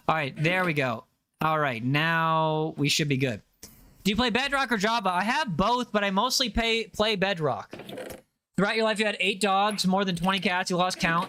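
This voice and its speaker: Bright high-voiced American guy streaming. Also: a little hiss or hum. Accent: General American. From United States. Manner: chatty, quick self-corrections, slangy. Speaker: livestreamer reading chat. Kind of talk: casual livestream chat.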